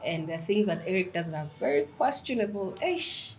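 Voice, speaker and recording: Speaking fast in a mid-range voice, this young writer guests on a podcast for a casual interview chat. She tells animated stories and sprinkles in Swahili phrases, though the audio is poor and carries slight background noise.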